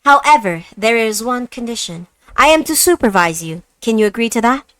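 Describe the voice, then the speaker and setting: A woman's voice: on the high side, lively intonation, moderate pace, no echo, voice pushed up, natural voice. A woman voicing a strict, formal female flight attendant who gives firm orders. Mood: stern. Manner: crisp, commanding, formal.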